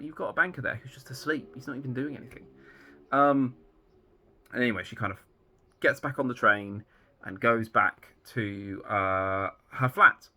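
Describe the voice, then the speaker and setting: A man's voice: medium pitch, vocal fry, sharp tone. A man casually talking through the plot of an episode he has written, rambling loosely with lots of fillers. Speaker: fan writer outlining his own series.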